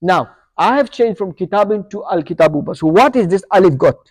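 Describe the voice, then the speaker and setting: A man's voice: sits high, expressive, fairly quick. A man teaching an Arabic grammar lesson to a live class, quizzing students and checking in with "okay?" and "yeah?" as he goes. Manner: corrects his own slips aloud.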